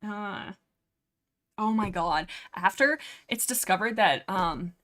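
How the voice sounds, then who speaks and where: A woman's voice: mid-range voice, slow pace. Rambling Canadian woman streamer. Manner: rambling and excitable, lots of fillers and restarts. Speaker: livestream host. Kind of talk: casual book discussion livestream.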